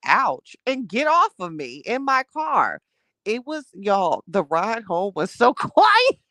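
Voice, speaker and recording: Animated young woman telling a dating story. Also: medium pitch, dry recording. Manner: animated, laughing, reads chat names aloud. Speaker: livestream host. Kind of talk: casual storytelling to a live chat.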